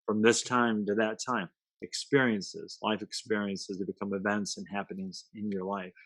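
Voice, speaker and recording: A man's voice: fairly low pitch, flat delivery, normal speed, a bit bright, dry recording. A man, a guest in a conversation, talking reflectively in a playful, emphatic way and dropping short aphorisms.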